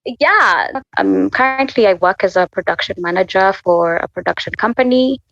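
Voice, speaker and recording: A woman's voice: mid-range voice, sing-song, normal speed, a bit bright, dry recording, muffled recording. A woman in her twenties from Kenya candidly telling her personal faith story as an interview guest. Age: 20s. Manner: candid, conversational, full of fillers.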